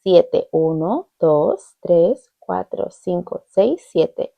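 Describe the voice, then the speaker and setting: In a muffled recording, a bilingual teacher speaks slowly in a lowish voice with big pitch swings and some vocal fry. She reads words to young children in English and Spanish, patiently repeating each one to encourage them during this unhurried classroom lesson.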